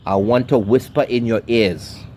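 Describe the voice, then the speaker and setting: A man voicing a condemned young prisoner in a told story, speaking low and cold. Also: unhurried, a little mellow, slight background noise, natural voice.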